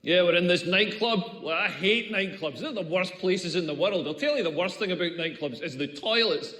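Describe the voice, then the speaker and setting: A man's voice: high voice, normal speed, bright, forceful tone. Sardonic Scottish man on a stage mic. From Scotland. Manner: sardonic, exasperated ranting with mocking quoted voices. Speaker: stand-up comedian. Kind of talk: stand-up comedy set. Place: comedy club stage. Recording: echoey club room with long reverb.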